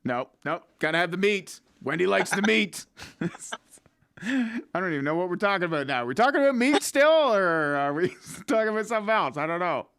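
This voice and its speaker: Joking and frequently laughing, a male podcast host keeps a casual conversation going with his guest. He sits high in pitch, sounding animated, brisk, a bit bright, and smooth. It's studio quality, with no room sound.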